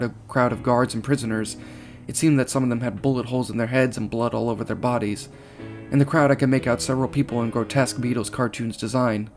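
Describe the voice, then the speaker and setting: A man reading a horror story aloud, steady, with small slips and restarts. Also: medium pitch, creaky. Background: faint guitar music.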